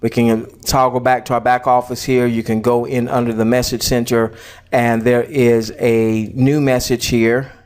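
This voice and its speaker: A man's voice: medium pitch, little pitch movement, normal speed, darkish tone. Chatty man with a slight cough. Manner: chatty, many fillers and repeats. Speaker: online business promoter. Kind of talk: casual screen-share walkthrough.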